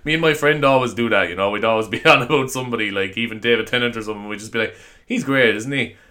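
The voice is on the low side, racing, bright and forceful: a young Irish man hosting a casual solo podcast. He sounds tired, wanders from point to point with self-mockery, and laughs often.

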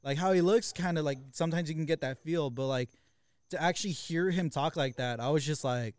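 A young man tells a story on a podcast, swearing freely and acting out what others said. His voice sits a little high and comes through smooth and clear. The sound is dry and close. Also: no echo. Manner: fast, profane, retells with quoted voices. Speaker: podcast co-host. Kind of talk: casual storytelling chat.

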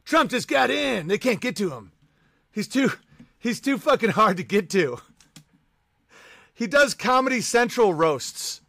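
A man's voice: high-pitched, big pitch swings, unhurried, vocal fry, long pauses, fairly bright tone, no room sound, clean studio sound. A young adult man hosting a podcast, ranting in a profane, mocking comedic style about politics. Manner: profane, mocking, acts out voices. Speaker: podcast host.

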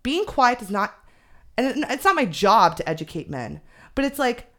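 A young woman guest on a podcast, telling a story in candid, animated casual chat with frequent swearing. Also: a little high, normal speed.

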